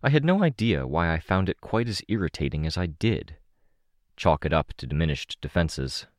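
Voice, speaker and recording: A man narrating an audiobook in the first person, in a steady, measured reading. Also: deep voice, no echo, clean studio sound.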